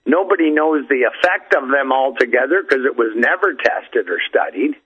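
A man's voice: mid-range voice, lively intonation, normal speed, husky. An older man telling folksy, rambling stories as an interview guest, heard over a phone line. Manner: folksy, rambling, with frequent fillers and restarts. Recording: tinny phone-line audio.

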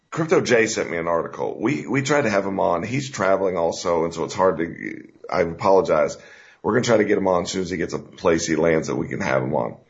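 A man's voice: deep voice, gravelly. A man hosting a talk radio show, talking in an emphatic, folksy, rambling way with fillers. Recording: dull lo-fi radio recording.

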